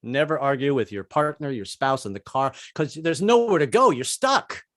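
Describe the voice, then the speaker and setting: A man's voice: mid-range voice, big pitch swings, no echo, clean studio sound. A man doing a stand-up comedy set, stammering and repeating words before landing his jokes. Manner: halting, repeats words, drops into quick bits. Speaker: stand-up comic.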